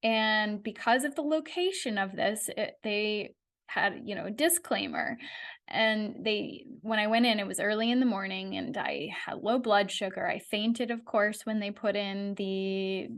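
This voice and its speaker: A woman's voice: medium pitch, unhurried. A woman hosting a podcast, telling her own story in a candid, conversational way. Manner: candid, conversational, animated retelling. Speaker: podcast host. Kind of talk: personal storytelling monologue.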